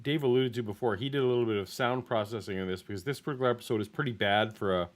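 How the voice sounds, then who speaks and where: Relaxed man hosting a chat. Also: on the low side, very fast. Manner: relaxed listener, short replies. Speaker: podcast host. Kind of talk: casual chat.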